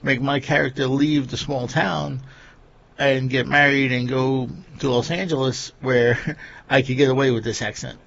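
A man's voice: mid-range voice, fairly even intonation, a little slow, vocal fry, fairly bright tone, lo-fi sound, slight background noise. A man with a Long Island New York accent, hosting a casual chat and rambling with lots of fillers. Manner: rambling, many fillers like "you know" and "like".

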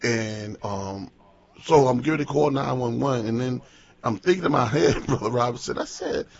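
A man's voice: mid-range voice, normal speed, gravelly, breathy edge. A man, a pastor hosting a morning radio show, chatting casually and telling a story with lots of repeated words. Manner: folksy, repeats words, tells stories animatedly. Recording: muffled lo-fi radio broadcast.

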